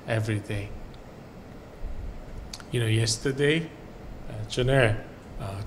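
A male pastor delivers a sermon in a slow, deliberate cadence at an ordinary middle pitch. His phrases often fade to a quiet close. A faint hiss of background noise sits under the recording. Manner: slow, earnest preaching with soft trailing phrase endings. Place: church sanctuary.

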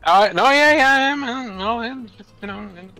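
Bright-voiced young man rambling. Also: very high-pitched, low-quality recording. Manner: rambling, halting restarts, jokingly dramatic. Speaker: co-host boyfriend. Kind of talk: casual gaming chat.

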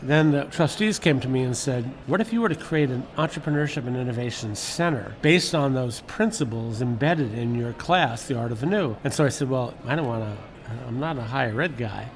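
A man's voice: mid-range voice, a little fast, hardly any pauses, slight background noise. An older man, a former magazine editor, telling stories candidly and with energy in a casual interview. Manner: candid, animated storyteller who swears casually.

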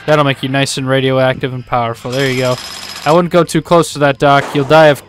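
A man giving casual, sarcastic commentary over gameplay, swearing often and breaking into loud outbursts. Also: medium pitch, steady tone, brisk, a little hiss or hum. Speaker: let's play gamer.

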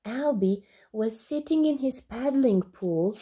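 Slow, expressive woman reading to children. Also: on the high side, husky. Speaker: children's storyteller. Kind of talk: reading a picture book aloud to children.

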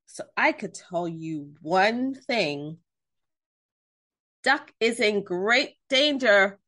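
A woman's voice: medium pitch, animated, very slow, bright, forceful tone, exaggerated voice. Pompous male owl from a bedtime story, knowing and proud; voiced by a woman. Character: self-important clever male owl.

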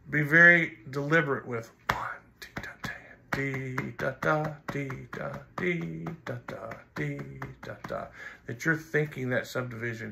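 A man's voice: medium pitch, gravelly, bright, forceful tone, slight background noise. A man teaching trombone in an instructional video, blunt and teasing, counting and singing rhythms aloud.

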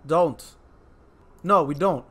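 A man from Colombia giving chatty, excitable gameplay commentary on a live stream, joking at his own expense and talking to viewers. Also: on the high side, slow pace. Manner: excitable, chatty, self-mocking, talks to chat. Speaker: game streamer. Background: faint game music.

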